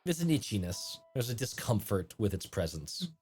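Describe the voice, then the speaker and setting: A man narrating as game master of a tabletop game, relaxed and conversational, sometimes tripping over invented words. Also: lowish voice, moderate pace, slight background noise.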